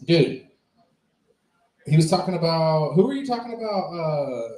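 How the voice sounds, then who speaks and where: A man's voice: on the high side, lively intonation, a little slow, darkish tone, distant mic. A man filling time on a comedy club stage, telling a loose, rambling, profane story. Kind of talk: stand-up storytelling. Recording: echoey club, mic held away.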